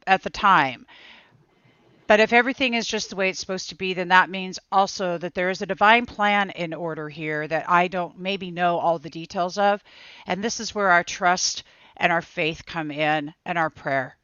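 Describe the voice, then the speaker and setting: A woman shares a personal story on a panel in an animated, casual way, now and then repeating a phrase in quick bursts. Her voice is smooth and resonant. It is recorded dry and close, with a slightly dull, muffled tone. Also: on the low side, no echo. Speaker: panel guest. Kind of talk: casual spiritual chat.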